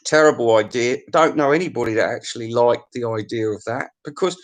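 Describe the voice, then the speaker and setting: A man's voice: mid-range voice, a little fast. A man, hosting a music countdown in a rambling, opinionated comic monologue full of swearing, restarts and stammers.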